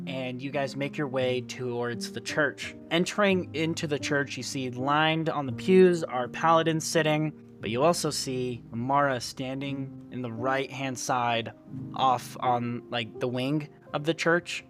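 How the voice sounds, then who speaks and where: A man's voice: medium pitch, measured pace, music in the background. A man narrating a tabletop game as game master in a casual, loose way. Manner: casual, loose, full of fillers.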